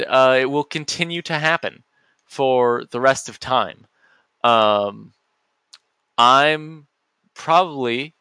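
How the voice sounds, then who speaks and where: A man's voice: medium pitch, pushed and bright, no room sound. A man hosting a solo podcast, rambling goofily and often cutting himself off mid-sentence. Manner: goofy, rambling, self-interrupting. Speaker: podcast host.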